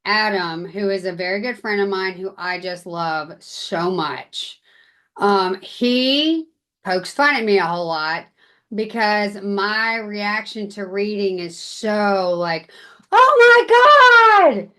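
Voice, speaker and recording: A woman hosting a podcast who tells stories in an excitable, animated way. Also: medium pitch, takes it slowly. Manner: excitable, animated storytelling with big quoted outbursts. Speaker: podcast host. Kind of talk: casual chat.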